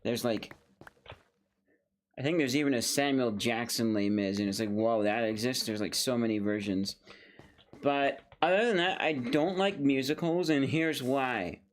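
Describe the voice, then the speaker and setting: Slow-talking young man rambling over gameplay. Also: mid-range voice. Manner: rambling, playful, talks to himself and the game. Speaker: gaming video creator. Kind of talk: casual gameplay commentary.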